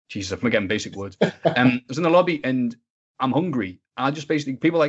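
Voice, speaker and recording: Fast-talking guy telling stories. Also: medium pitch. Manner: rambling, animated, laughs and acts out quoted voices. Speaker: interview guest. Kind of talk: casual storytelling chat. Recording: dull lo-fi audio.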